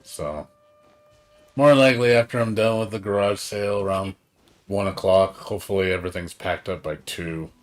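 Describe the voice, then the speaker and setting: This low-pitched man speaks at a normal pace while chatting on a game stream. He's excitable and meandering, curses often, and sounds tired from an all-nighter.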